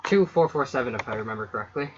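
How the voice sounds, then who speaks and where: A man's voice: mid-range voice, expressive, rapid-fire, dull audio, slight background noise. A man hosting a let's play, reading interactive fiction aloud between casual chat with his co-player. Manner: reads story text then chats casually.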